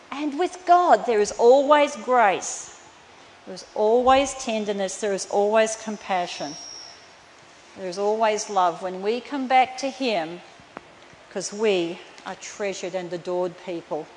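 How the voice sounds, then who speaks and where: A woman's voice: mid-range voice, unhurried. A woman preaching a sermon in an earnest, emphatic way that turns tender. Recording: reverberant hall, faint room noise.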